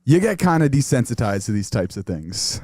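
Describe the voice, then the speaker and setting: A man's voice: mid-range voice, sing-song, moderate pace, darkish tone, no echo. A male podcast co-host dropping wry, teasing remarks in casual banter.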